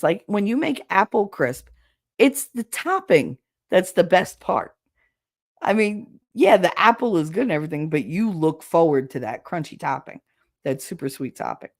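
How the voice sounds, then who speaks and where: Middle-aged woman host, loose rambling live-chat delivery, slightly low voice. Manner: chatty and rambling, laughs often. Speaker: livestream host reading chat. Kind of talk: casual chat.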